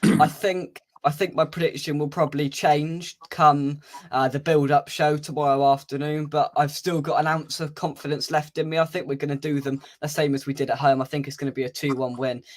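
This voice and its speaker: Chatty higher-voiced man hosting a fan stream. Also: little pitch movement, brisk. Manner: chatty, laughs often, reads out viewer comments. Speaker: fan channel host. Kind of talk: casual livestream chat.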